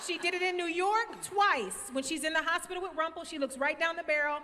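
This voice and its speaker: A woman's voice: extremely high pitch, a little fast, sharp tone. A woman moderating a convention panel, chatty and enthusiastic, calling herself a nerd. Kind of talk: lively convention panel hosting. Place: large convention hall. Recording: echoey convention hall.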